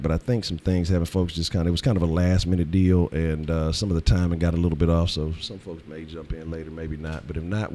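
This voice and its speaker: A hoarse man hosting a casual live sports stream, loose and profane, often restarting his sentences. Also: low-pitched, warm tone, slight background noise. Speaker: host.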